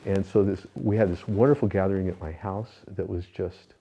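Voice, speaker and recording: An older man with a mellow, low voice tells personal spiritual stories. He is earnest and reflective and often restarts his sentences. The sound is slightly muffled and lo-fi. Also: steady tone, moderate pace, slight background noise. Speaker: interview guest.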